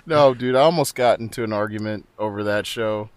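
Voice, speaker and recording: A man's voice: lowish voice, fairly quick, no room sound. A man co-hosting a casual podcast chat, joking and making playful interjections. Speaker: podcast co-host.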